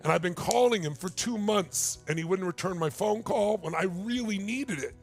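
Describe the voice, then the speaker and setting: A man in his sixties, a motivational speaker, tells a story during a keynote talk, speaking emphatically and building toward urgent appeals. His voice is high-pitched, gravelly, and animated at a normal speed, with soft music in the background.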